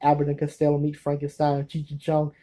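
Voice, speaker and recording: Brief: man host, mellow tone, rambling chat about his movie collection, keeps losing names and restarting. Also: a little high, completely flat delivery, quick pace, low-quality recording. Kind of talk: casual rambling talk to camera.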